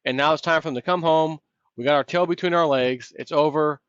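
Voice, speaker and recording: A man's voice: fairly high pitch, fairly quick, a bit bright, clean tone, no room sound. Ranting, sarcastic man with a raised voice. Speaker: vlog host. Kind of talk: political commentary rant. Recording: dull, lo-fi, dry.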